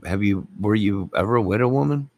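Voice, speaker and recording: A man's voice: fairly low pitch, fairly quick. A man hosting a YouTube channel, rambling in casual live-stream chat with his viewers and repeating friendly sign-offs.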